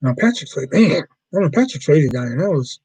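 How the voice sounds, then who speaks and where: A man's voice: a little high, sing-song, fairly quick, a little mellow, slightly rough, no echo, low-quality recording. A man hosting a livestream, chatting casually about movies in a rambling, profane way. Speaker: livestream host.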